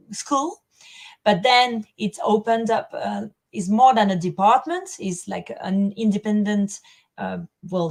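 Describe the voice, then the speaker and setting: A woman's voice: medium pitch, gravelly. Hesitant Spanish-speaking woman on a podcast. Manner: thoughtful, hesitant with fillers and self-corrections. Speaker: co-host and language school staff. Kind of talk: casual podcast chat.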